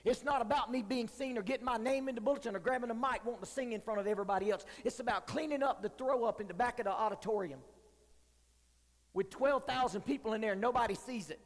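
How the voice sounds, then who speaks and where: A man's voice: extremely high pitch, fast. A man preaching as a youth pastor, joking and candid with the young crowd. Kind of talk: sermon. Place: church hall. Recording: long hall reverb.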